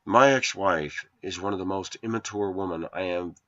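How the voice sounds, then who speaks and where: Low-voiced man ranting in a vlog. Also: normal speed, pushed and bright, lo-fi sound. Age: 40s. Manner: indignant, preachy storytelling. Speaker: vlogger. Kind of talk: rambling personal monologue.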